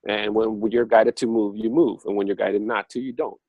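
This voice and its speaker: Over phone-quality audio with no echo, a man speaks at normal speed on a spiritual talk show. He tells his story conversationally, full of fillers and restarts. When he gets worked up, his pitch jumps up sharply and suddenly.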